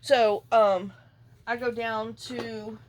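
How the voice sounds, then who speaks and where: A woman's voice: a little high, little pitch movement, very slow, a little hiss or hum. A woman vlogger telling a story in a chatty, exasperated way while she works on a papercraft project at home. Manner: chatty, exasperated, salty venting. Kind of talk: casual storytelling while crafting.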